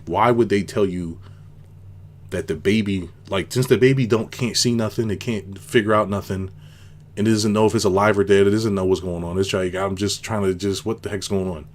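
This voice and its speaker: A male business consultant and video host gives casual spoken commentary to camera in a rambling monologue. His voice is lowish, with fairly even intonation and normal speed. He asks many rhetorical questions, often tags on "right?", and repeats himself for emphasis.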